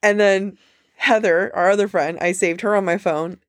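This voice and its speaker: A woman co-hosting a book podcast in casual chat, talking with quick asides and frequent laughter. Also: mid-range voice, steady tone, no room sound, clean studio sound.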